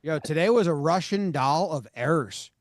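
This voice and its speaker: Podcast co-host, man, exasperated ranting delivery, a touch higher than most, dry close sound. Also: lively intonation, normal speed, no room sound. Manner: fired-up, exasperated, swears. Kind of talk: casual sports podcast chat.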